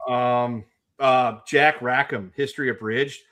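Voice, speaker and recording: A man's voice: medium pitch, fairly even intonation, slow pace, a bit bright. A man co-hosting a pop culture chat show, joking and rambling and swearing casually. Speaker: podcast co-host.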